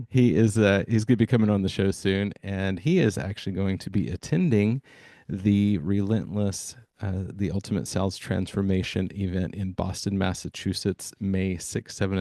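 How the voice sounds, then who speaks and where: A man's voice: deep voice, moderate pace, warm tone, no room sound. A man hosting a sales podcast, talking to listeners in an enthusiastic, hyping way with plenty of fillers. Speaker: podcast host. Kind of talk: energetic podcast monologue.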